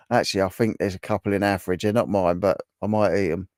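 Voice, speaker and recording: Responding to viewers' comments in casual live chat, this middle-aged English livestream host has a low-pitched, darkish voice. The recording is dry, with clean studio sound.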